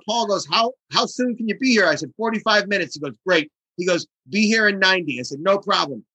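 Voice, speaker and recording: Bright, husky-voiced man telling a story. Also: high voice, fairly quick, no room sound, poor audio. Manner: animated storyteller acting out quoted voices. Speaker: guest drummer. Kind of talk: casual interview storytelling.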